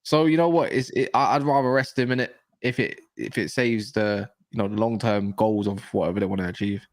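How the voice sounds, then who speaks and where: A man's voice: fairly low pitch, fairly quick, no room sound, studio quality. A man co-hosting a casual football chat, blunt and opinionated with plenty of slang. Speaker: co-host.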